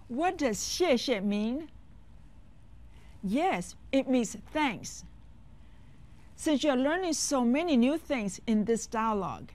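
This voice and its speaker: A woman teaching beginner phrases in a clear, instructive scripted lesson. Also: a little high, very animated, slow, darkish tone. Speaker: language teacher.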